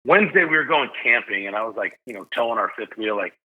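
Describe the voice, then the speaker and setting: A man, a stadium announcer guest on a podcast, telling stories in an excitable, joking way. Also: medium pitch, quick pace, phone-quality sound. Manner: excitable, jokey storyteller. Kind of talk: casual podcast storytelling.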